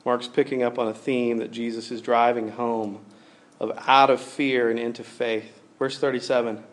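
A man's voice: mid-range voice, level tone, normal speed. Guy in his 30s preaching, super casual and rambly, lots of um and like. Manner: casual, rambling storytelling with many fillers. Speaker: pastor. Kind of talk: sermon with personal story.

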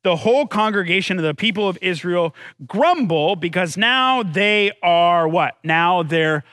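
A man's voice: sits high, animated, a little slow, fairly bright tone, no echo. A man preaching a sermon in a conversational way, asking his listeners questions and telling the story with dramatic drops in his voice. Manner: conversational, asks the congregation questions. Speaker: pastor.

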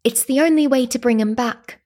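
A stern, caring village matron, voiced by a woman narrator, speaks firmly in a slightly raised, breathy voice. The storybook figure commands with calm authority. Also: sits high, moderate pace, voice pushed up. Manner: firm, commanding.

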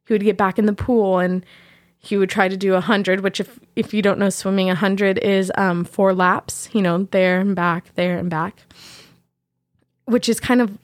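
A young adult woman hosting a podcast, candidly recounting a personal story in a reflective way, with soft laughs between thoughts. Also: mid-range voice, fairly even intonation, normal speed, dry recording, clean studio sound. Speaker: podcast host.

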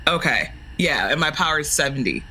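A woman's voice: low voice, expressive, brisk, sharp tone. A woman playing a character in a tabletop role-play game. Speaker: player.

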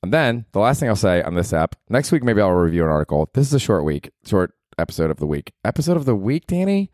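Low-voiced young comic, loose slangy podcast riffing, dry close mic. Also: male voice, animated, quick pace, darkish tone, no room sound. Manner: rambling, joking, slangy. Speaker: podcast host. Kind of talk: solo comedy podcast monologue.

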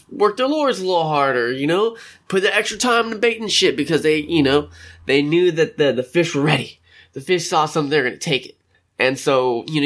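A man's voice: on the high side, a bit bright. A young man in casual, rambling vlog chat, talking from a room by a window and acting out little quotes. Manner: rambling, chatty, acts out quotes. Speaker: vlogger.

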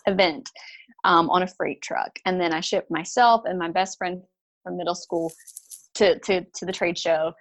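A woman guest telling a candid story from her working life in an easygoing conversational way. Her delivery is animated, and she slips into livelier voices when quoting others. Her speech is sprinkled with "like" and "you know". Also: fairly low pitch, normal speed. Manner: animated, acts out quoted people with raised voice; frequent "like" and "you know" fillers.

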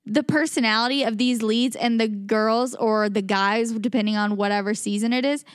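A woman co-hosting a podcast in casual chat, animated and quick to act out quotes. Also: a little high, clean tone, no room sound, studio quality. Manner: chatty, acts out quotes with laughs. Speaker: podcast co-host.

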